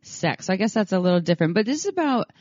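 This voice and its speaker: A woman's voice: mid-range voice, very animated, very fast, darkish tone, no room sound, muffled recording. A woman co-hosting a podcast, talking casually with many fillers and restarts. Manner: chatty, lots of fillers and restarts. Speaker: podcast co-host.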